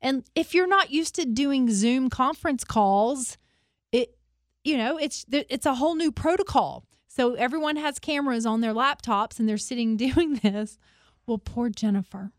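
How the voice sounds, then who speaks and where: A woman's voice: high-pitched, normal speed, no room sound, studio quality. A woman co-hosting a morning radio show, telling a funny story with lots of laughter and gushing energy. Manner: excitable, laughs often, gushing. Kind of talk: animated on-air storytelling. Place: radio studio.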